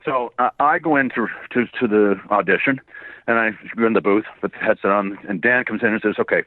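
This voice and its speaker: Hoarse, animated man on a phone-like line. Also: fairly low pitch, a little fast, dry recording. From born in Ireland, raised in Canada. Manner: animated storyteller, laughs often, swears casually. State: a bit hoarse. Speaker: voice actor and singer guest. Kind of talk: casual interview. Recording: dry tinny phone-like line.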